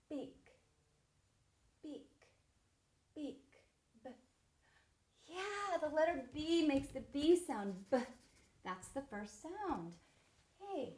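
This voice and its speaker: A woman with a fairly high, very animated voice leads a lesson for little children, drawing out her words slowly and cheering them on as she sounds out letters. Her voice carries a noticeable echo from the room around her. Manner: slow, sing-song and encouraging, spelling words letter by letter. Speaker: preschool teacher. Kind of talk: early-literacy lesson for young children. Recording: roomy echo.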